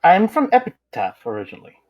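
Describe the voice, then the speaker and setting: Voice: mid-range voice, wildly swooping pitch, a little fast, lo-fi sound. A tabletop player speaking in character with jokey self-mockery. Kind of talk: in-character tabletop role-play.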